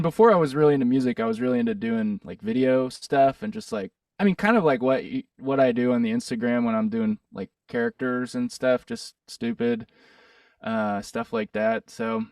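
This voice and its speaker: A musician from Pittsburgh talks loosely in an interview, his voice gravelly and swinging up and down in pitch. He hesitates, restarts and fills gaps as he goes. The sound is dry and set back from the mic. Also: a little mellow, no room sound, distant mic. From Pittsburgh, USA. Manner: rambling, hesitant, with many fillers and restarts. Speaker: musician guest. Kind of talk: casual interview chat.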